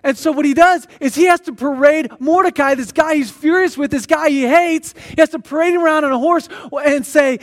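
A man with a high-pitched voice preaches a sermon, acting out the scripture story with lively energy. When he reads the passages aloud, he slows down and grows quieter. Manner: animated storyteller who acts out the characters.

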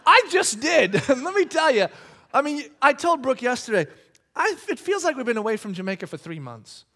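A man in his thirties delivers a sermon in a strikingly high voice. He talks conversationally, often restarting his sentences, and acts out each bit of quoted dialogue as he tells his stories. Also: moderate pace. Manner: animated storytelling, acting out quoted dialogue. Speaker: pastor.

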